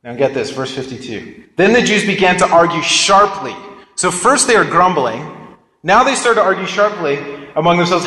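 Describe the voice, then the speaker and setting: A man preaches a sermon and reads scripture in an echoey, reverberant hall, his voice high, expressive and sharp-toned at a moderate pace. He talks conversationally, prodding listeners with asides like "get this" and "right?"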